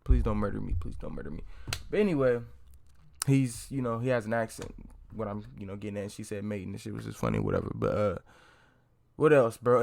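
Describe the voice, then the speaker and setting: A man's voice: mid-range voice, vocal fry. Rambling, slangy young man reviewing a movie. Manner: rambling, profane, slangy, many fillers and restarts. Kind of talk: casual spoken movie review.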